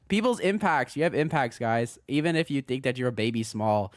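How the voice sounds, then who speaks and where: A young man chatting casually on a livestream as a VTuber streamer, excitable, laughing often and swearing freely. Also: mid-range voice, fast, no room sound, studio quality.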